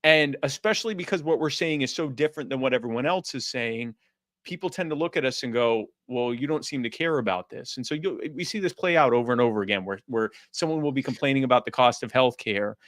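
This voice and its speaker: A man speaking as a podcast guest in casual interview talk, animated and acting out quoted voices. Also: medium pitch, fast, no room sound, studio quality.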